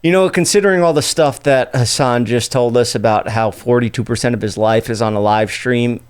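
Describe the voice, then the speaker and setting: Podcast host guy, laid back and jokey, clean smooth voice. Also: mid-range voice, brisk. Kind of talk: casual podcast chat.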